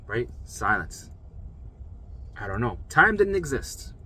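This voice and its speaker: A man recounting his own ordeal in a casual, animated monologue, his voice bright and forceful. He acts out the voices of the people around him and keeps pulling the listener in with "right?". A faint wash of background noise sits under the recording. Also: medium pitch, takes it slowly, low-quality recording. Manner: animated, acts out quoted voices, swears freely; frequent "right?" check-ins to listener. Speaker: vlogger sharing recovery story.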